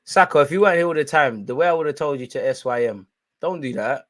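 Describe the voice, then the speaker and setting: A man's voice: a little high, fast talker, no echo. A man in his twenties with a London accent, hosting a live football watchalong, full of banter and slang-heavy stories. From London, England. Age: 20s. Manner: animated storytelling in London slang. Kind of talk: live match commentary and banter.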